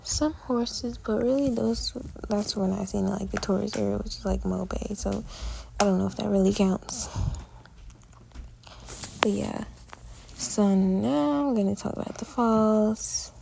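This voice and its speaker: A woman's voice: mid-range voice, steady tone, a little slow, gravelly, dark tone, slight background noise, poor audio. An eighteen-year-old woman narrating a casual travel vlog in a chatty, slangy storytelling way. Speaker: vlogger.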